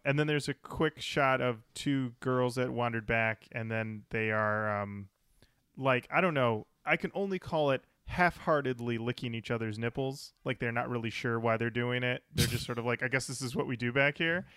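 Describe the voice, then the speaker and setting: A man's voice: medium pitch, steady tone, moderate pace, a bit bright, clear, resonant tone, no echo, studio quality. A man co-hosting a podcast, chatting casually and telling stories. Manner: chatty storyteller, slips into quoted voices. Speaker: podcast co-host. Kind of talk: casual chat.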